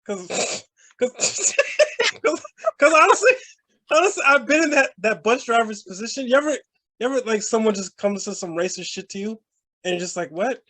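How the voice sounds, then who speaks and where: A man's voice: high voice, lively intonation, moderate pace, pushed and bright. A man co-hosting a podcast, chatting loosely and joking with plenty of "like" fillers. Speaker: podcast co-host. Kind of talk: casual podcast chat.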